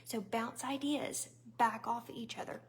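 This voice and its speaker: Chatty Southern woman, bright-pitched. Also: fairly even intonation, measured pace. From Southern United States. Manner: chatty and conversational, with fillers and little laughs; talks straight to viewers. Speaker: vlogger and small business owner. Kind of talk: casual talk to camera.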